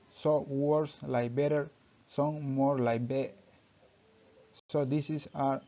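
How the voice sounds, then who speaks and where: Young male student reading his presentation, mellow voice, careful and halting, muffled lo-fi sound. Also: mid-range voice. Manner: halting reading, often restarting sentences with "so". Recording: dull lo-fi recording.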